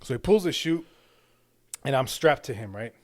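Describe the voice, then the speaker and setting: Speaking at a moderate pace with lively intonation, a man with a medium-pitched voice rambles casually through a story on a dry recording. The young-adult to middle-aged father co-hosts a podcast, swears heavily, and keeps asking his listener "right?"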